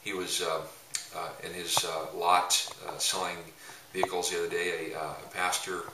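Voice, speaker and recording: Low bright-sounding guy rambling thru a church-y teaching talk, lots of uhs, mic far off in a roomy space. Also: monotone, moderate pace. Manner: rambling, heavy with filler sounds. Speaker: evangelism ministry leader. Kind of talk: casual teaching talk with anecdotes. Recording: roomy echo, mic at a distance, faint noise.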